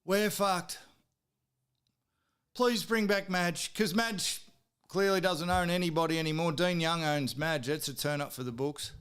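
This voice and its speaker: Australian male podcast host, high smooth voice, heated sweary rant with bursts of shouting. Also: fairly even intonation, unhurried. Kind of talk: profane sports rant.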